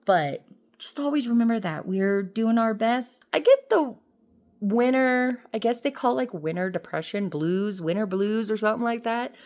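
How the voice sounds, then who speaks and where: A woman's voice: fairly high pitch, lively intonation, normal speed, darkish tone. A woman vlogger and rideshare driver talking in a chatty, rambling, emotional and upbeat way. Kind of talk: casual vlog chat.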